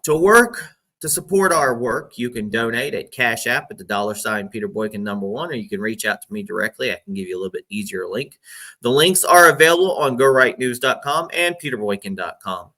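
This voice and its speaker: A man's voice: mid-range voice, animated, fairly quick, bright, forceful tone. A man hosting his own political news recap, asking viewers to share and support. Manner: pleading, emphatic. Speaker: political news show host.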